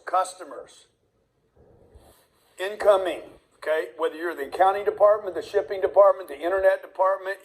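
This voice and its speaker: A man's voice: sits high, low-quality recording. A man giving motivational career advice, emphatic and fond of long repeated lists. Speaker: career coach. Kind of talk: motivational talk to camera.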